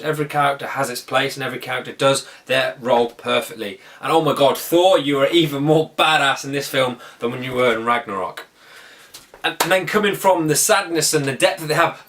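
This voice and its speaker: A man's voice: on the high side, a bit bright, distant mic. Eager rambling man reviewing a film. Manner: enthusiastic, rambling, with quick self-corrections. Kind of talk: casual spoken movie review.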